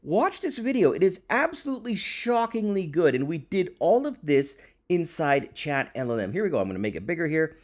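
A man hosting a software tutorial, talking casually and with big enthusiasm as he clicks through the screen. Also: a little high, sing-song, brisk. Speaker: tech YouTube host.

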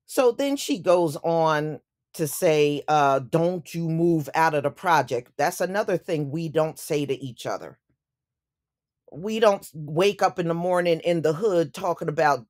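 A woman delivering an opinion commentary vlog, speaking emphatically and indignantly and repeating phrases for effect. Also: low voice. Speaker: YouTube commentator.

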